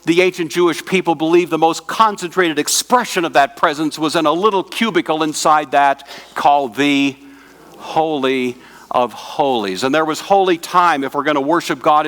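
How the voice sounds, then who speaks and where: A man giving a conference lecture to pastors, in a measured, teacherly manner, putting questions to his audience and slowing down and dropping his voice on key words. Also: fairly high pitch, fairly bright tone.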